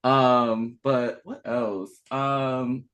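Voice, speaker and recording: A man's voice: medium pitch, flat delivery, very slow, fairly bright tone, smooth. Brief: young man, podcast guest, chatty, enthusiastic, lots of ums and restarts. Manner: chatty and enthusiastic, trailing fillers. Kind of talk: casual chat.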